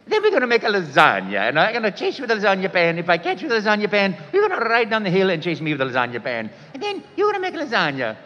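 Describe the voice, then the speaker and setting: A man's voice: high voice, huge pitch swings, very fast, hardly any pauses, bright, forceful tone, voice pushed up, full character voice. A man voicing a cheerful young Italian plumber who rambles playfully about food. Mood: joyful. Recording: echoey hall, dull sound.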